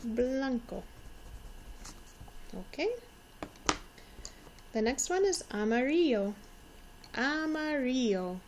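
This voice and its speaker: Woman, 40s, patient teacher for kids, slow and encouraging, slightly high voice, faint background hiss. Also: lively intonation, darkish tone. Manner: encouraging, repeats words for children to echo. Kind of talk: slow, patient classroom instruction.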